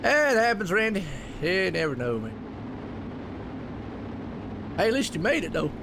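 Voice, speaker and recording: Guy doing race play-by-play, high pitched, folksy, gets loud on big passes, noisy hum behind him. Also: a little slow, creaky. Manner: excitable, folksy, loud bursts on big moves. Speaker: race commentator. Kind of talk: sim racing play-by-play commentary.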